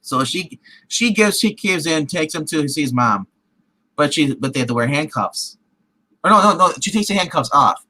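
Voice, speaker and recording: A man's voice: fairly high pitch, normal speed, poor audio. A man co-hosting a film review show, rambling through the plot in casual chat. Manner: rambling, acts out scenes in lively put-on voices.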